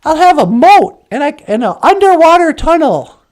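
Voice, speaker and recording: A woman voicing an excited, boastful male beaver in an animated storytelling video, gushing about what he can do. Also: high-pitched, moderate pace. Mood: thrilled. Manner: gushing, thrilled.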